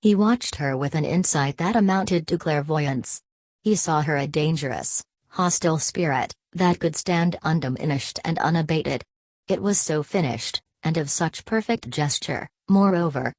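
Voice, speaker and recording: Woman reading an old novel aloud, low voice, dry close sound. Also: measured pace, darkish tone, dry recording. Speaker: audiobook narrator. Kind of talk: scripted narration.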